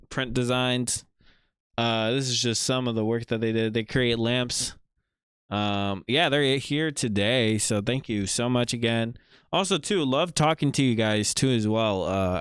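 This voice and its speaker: A man hosting a casual livestream, chatting in a relaxed, rambling way with many fillers while showing viewers' art. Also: mid-range voice, clean tone, no echo. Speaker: livestream host.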